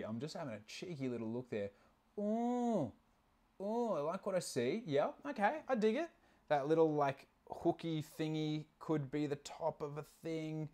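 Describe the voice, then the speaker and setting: Aussie guy chatting on his stream, relaxed and sweary, lots of ums. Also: medium pitch. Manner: laid-back, profane, rambling with many fillers. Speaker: stream host. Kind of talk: casual livestream chat.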